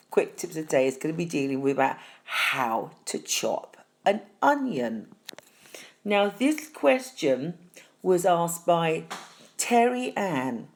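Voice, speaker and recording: A middle-aged woman hosting a deadpan comic tutorial, chatty and fussy, calling viewers darling. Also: sits low, gravelly. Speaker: host.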